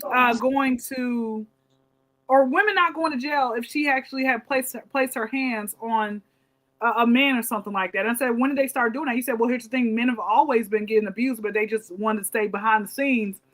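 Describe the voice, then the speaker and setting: A woman's voice: a little high, brisk, fairly bright tone, low-quality recording. A woman hosting a casual panel chat, chatty, repeating her words and laughing often. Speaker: podcast host.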